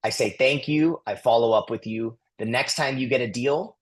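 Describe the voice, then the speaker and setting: A man in his thirties talks as a guest on a casual podcast, chatty and full of enthusiasm. His voice sits in a middle pitch, and he acts out the conversations he quotes. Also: steady tone, brisk, rough recording. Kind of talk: casual interview chat.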